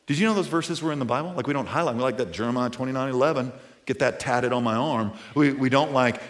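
This pastor delivers a sermon to his church in a relaxed, conversational style, peppered with fillers and swinging between loud and hushed. His voice is medium-pitched, and he talks fast.

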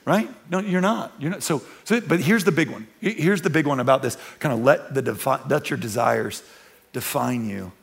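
A man preaching a sermon in a church, talking conversationally with repeats and restarts, dropping to hushed tones and rising to loud emphatic peaks. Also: mid-range voice, moderate pace, creaky. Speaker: pastor. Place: church sanctuary.

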